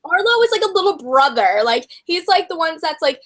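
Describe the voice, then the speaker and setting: High-voiced chatty young woman host. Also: big pitch swings, a little fast, fairly bright tone. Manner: chatty, rambling, heavy on filler words. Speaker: host of a book channel. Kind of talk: casual live book discussion.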